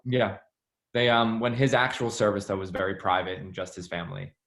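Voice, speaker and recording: A man being interviewed, telling stories in a chatty, animated way with lots of "like". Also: low-pitched, fairly quick. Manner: chatty, animated, heavy use of "like". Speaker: interview guest, former assistant. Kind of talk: casual storytelling interview.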